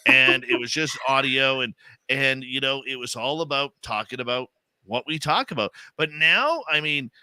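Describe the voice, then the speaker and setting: A man hosting a talk radio show, delivering a theatrical, booming announcer-style intro and chatting warmly with his guest. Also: normal speed, clean tone, no room sound, rough recording. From Canada. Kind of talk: enthusiastic radio host intro and chat.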